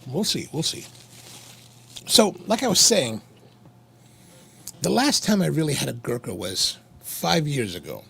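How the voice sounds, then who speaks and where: A man with a rough, gravelly voice that sits a bit high for a man. His tone is husky rather than clean. He talks casually and rambles through a story, often restarting his sentences. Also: very animated, a little slow, long pauses, fairly bright tone. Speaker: podcast co-host. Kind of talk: casual chat while smoking a cigar.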